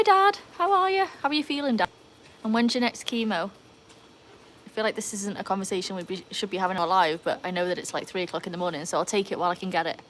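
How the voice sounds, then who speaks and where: A woman's voice: medium pitch, a bit bright, slight background noise, rough recording. A woman, chatting casually on a live stream, laughing often and greeting viewers by name. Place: outdoors by a pool with dogs. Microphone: handheld phone.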